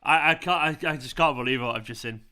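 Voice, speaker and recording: A man's voice: on the high side, fast talker, sharp tone, clean tone. A young man hosting a live football watchalong, ranting furiously at a referee decision and swearing over and over. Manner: furious, swearing, repeats himself. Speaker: football fan channel host.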